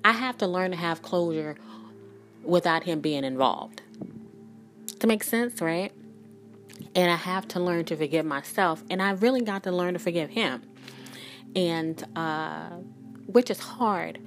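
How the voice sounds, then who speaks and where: Over faint music, a woman in her thirties who works as a spiritual reader and energy worker speaks a little slowly with long pauses, her voice fairly low. Her candid vlog talk is blunt, emphatic and rambling, full of restarts, "like," and free swearing.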